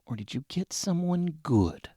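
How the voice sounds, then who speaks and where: A man's voice: fairly high pitch, lively intonation, a little slow, mellow, breathy edge, dry recording, clean studio sound. A man co-hosting a comedic sports podcast, bantering with exasperated, rambling reactions. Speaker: podcast co-host.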